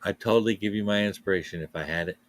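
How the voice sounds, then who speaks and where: A man playing a tabletop game, talking hesitantly with lots of pauses. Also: on the low side, no room sound. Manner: hesitant, full of ums. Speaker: player. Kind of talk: casual tabletop play.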